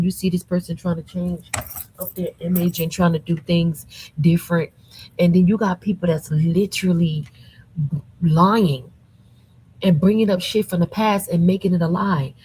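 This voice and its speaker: Husky-voiced woman hosting a livestream. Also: fairly low pitch, steady tone, normal speed, warm tone, poor audio. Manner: conversational, emphatic, rhetorical questions to chat. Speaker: livestream host. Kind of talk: casual live commentary.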